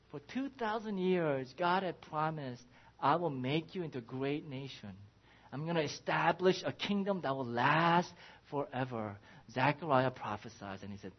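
A man in his forties preaching a sermon as a pastor, telling stories with lively swings in his voice. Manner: animated storytelling, pitch rising and falling widely. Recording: dull lo-fi sound.

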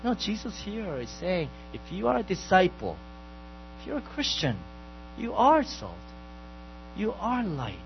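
A man preaches a sermon in a high, husky voice. His pitch rises and falls widely as he moves between soft reflection and forceful declarations. The recording is dull and lo-fi, with a steady mains hum underneath. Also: a little slow, long pauses. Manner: swings from quiet to loud emphatic preaching. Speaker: pastor.

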